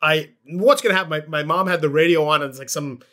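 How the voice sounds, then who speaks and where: A male sports podcast host with a somewhat high voice. He chats casually and tells stories with lively energy. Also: quick pace. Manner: storytelling, animated.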